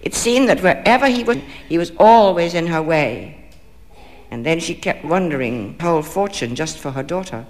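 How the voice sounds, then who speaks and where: A man reading a fairy tale aloud, measured and expressive, lingering on phrases. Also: fairly high pitch. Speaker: storyteller. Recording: long hall reverb.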